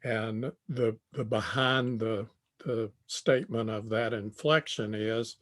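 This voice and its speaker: An older man giving a tutorial lecture on communication, speaking deliberately and repeating phrases as he thinks. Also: on the low side, fairly even intonation, fairly bright tone. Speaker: tutorial presenter.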